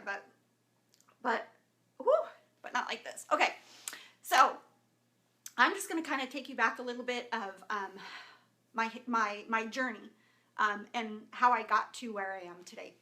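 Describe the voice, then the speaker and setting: A woman's voice: on the high side, bright, forceful tone. A woman in her thirties from Southern California, talking casually to viewers in a live video, greeting them by name with lots of fillers and openly emotional. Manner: openly emotional, close to tears. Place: indoors at home with camera and lighting setup.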